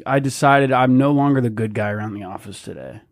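A man's voice: medium pitch, a little fast, dry recording. Guy cohosting a podcast, goofy and jokey, dry close mic. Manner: joking, playful. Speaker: podcast co-host. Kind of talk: casual chat.

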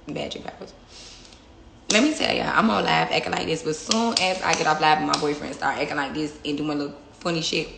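A young woman talks straight into her phone on a casual livestream, blunt and confrontational and swearing freely. Her voice sits low with a gravelly edge. The room is echoey, and noise is clearly heard behind her. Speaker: livestream host.

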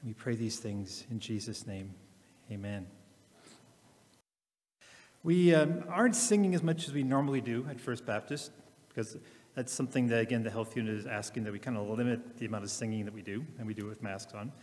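Guy pastor talking to the church, slow careful scripture reading, lots of reverb in the room. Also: medium pitch, darkish tone. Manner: reads scripture slowly, with long pauses.

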